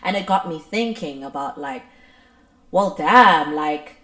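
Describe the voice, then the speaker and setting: A woman's voice: on the low side, takes it slowly, gravelly, roomy sound. A young woman in her twenties from South Africa, with a South African accent, co-hosting a podcast in a rambling casual chat full of "like". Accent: South African English. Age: 20s. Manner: rambling, full of "like" fillers, swings from lively to soft. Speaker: podcast co-host.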